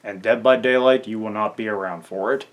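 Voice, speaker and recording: A man's voice: lowish voice, brisk. A gaming content creator venting in an angry farewell rant, swearing and stumbling over his words.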